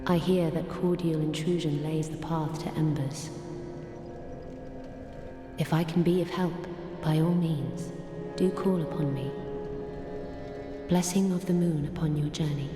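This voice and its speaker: A woman's voice: sits low, fairly even intonation, measured pace, long pauses. A woman playing a dutiful young female knight who speaks in a formal, archaic way. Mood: gracious. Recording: game audio, reverberant, with music.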